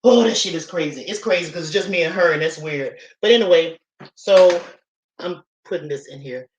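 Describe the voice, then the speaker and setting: A woman's voice: on the low side, normal speed, slight background noise, low-quality recording. Woman, casual live stream storytelling, chatty, profane, speaks right to viewers, at home on a laptop mic. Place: at home, moving from kitchen to living room.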